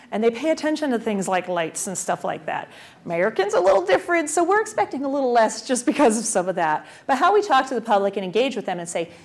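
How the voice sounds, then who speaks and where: Speaking in a medium-pitched voice, a woman who works as a transportation official presents at a conference with plenty of energy, posing rhetorical question after rhetorical question.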